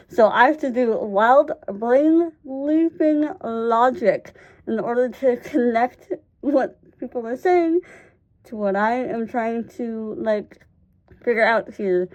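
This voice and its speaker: Her voice is on the high side, slow and darkish, and the audio is dull. A young woman vlogger shares funny personal stories to camera in casual storytime chat, laughing a lot, swearing casually and filling her speech with fillers.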